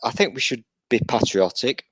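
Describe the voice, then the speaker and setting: A man's voice: medium pitch, normal speed, fairly bright tone, slightly rough, dry recording. A British man hosting a casual live-stream chat, joking in a self-deprecating way. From Britain. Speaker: podcast host.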